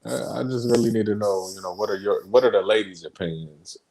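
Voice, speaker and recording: A man co-hosting a casual podcast, chatting about sports and news in an animated, storytelling way and quoting others. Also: fairly low pitch, brisk, vocal fry. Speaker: podcast co-host. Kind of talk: casual chat and sports talk.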